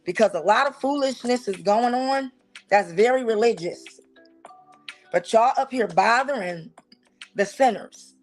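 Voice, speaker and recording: A woman with a Southern US accent hosting a casual talk show, talking straight to her viewers in an animated, preachy and teasing way. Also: a little high, unhurried, soft background music. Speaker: host. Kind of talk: casual commentary on church life.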